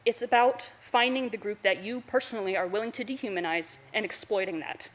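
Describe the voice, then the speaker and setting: A woman's voice: mid-range voice, fairly quick, a little hiss or hum. A woman giving a scathing, profane public comment at a council meeting. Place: council chamber.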